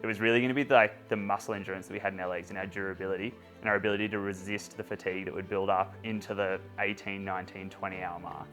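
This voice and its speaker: A man's voice: sits low, flat delivery, quick pace, few pauses, a bit bright, faint music behind. A man explaining a running strategy step by step in a casual interview. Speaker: runner and narrator.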